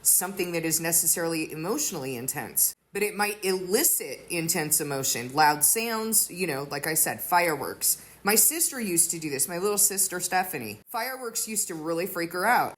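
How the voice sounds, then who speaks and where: A woman's voice: fairly low pitch, lively intonation, moderate pace, hardly any pauses, fairly bright tone. A woman giving an earnest sermon-style teaching, explaining with everyday examples. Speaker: teacher of a faith community.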